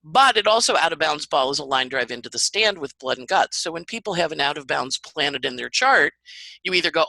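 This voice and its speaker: Woman astrologer guest, lively swinging delivery, bright edge, dry close sound. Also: low voice, a little fast, creaky, dry recording, low-quality recording. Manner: animated, acts out little voices and sports analogies. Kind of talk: podcast conversation.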